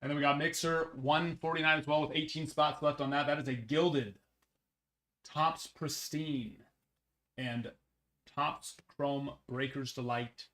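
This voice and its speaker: A man hosting a card break livestream, slightly raspy and hoarse as he recovers from a cold, chatting and teasing playfully. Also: on the high side, fairly even intonation, a little slow, fairly bright tone. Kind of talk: casual livestream chat.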